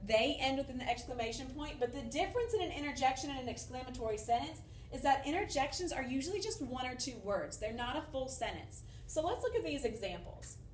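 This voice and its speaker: A woman's voice: high-pitched, animated, fairly quick, hardly any pauses, recorded from a distance, slight background noise. A woman teaching a fourth-grade grammar lesson to children, upbeat and encouraging, explaining step by step. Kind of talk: recorded remote lesson for children. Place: empty classroom. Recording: echoey room, voice off-mic.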